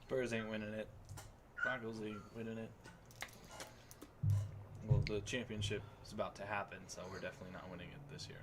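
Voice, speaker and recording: A young man co-hosting a sports podcast live stream, chatting eagerly about his teams in quick casual banter. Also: on the low side, little pitch movement, noisy background. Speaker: podcast co-host.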